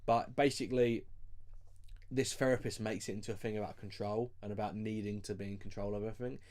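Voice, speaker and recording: A man's voice: fairly low pitch, steady tone, quick pace, darkish tone. A man co-hosting a podcast in casual chat, swearing freely and laughing often. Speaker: podcast co-host.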